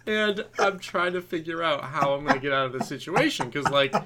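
A man's voice: fairly high pitch, animated, a little fast, heavy background noise. A man co-hosting a podcast, telling a long story in a casual, rambling way, full of fillers and restarts. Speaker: podcast co-host.

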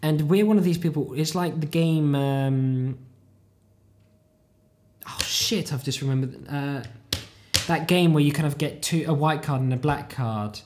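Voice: moderate pace, dark tone, slight background noise. Solo podcast host, rambling and self-deprecating, tired late-night chat, close home mic. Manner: rambling, self-deprecating, jumps into squeaky high voices for inner thoughts. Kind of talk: casual solo monologue.

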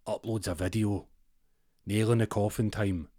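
A man's voice: lowish voice, moderate pace, dry recording, clean studio sound. Scottish man telling a rambling comic story. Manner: rambling, deadpan asides, frequent restarts.

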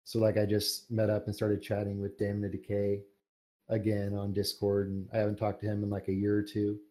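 Low, mellow-voiced young man chatting. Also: a little fast. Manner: relaxed, rambling with many fillers. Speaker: podcast guest, fan fiction writer. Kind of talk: casual interview chat.

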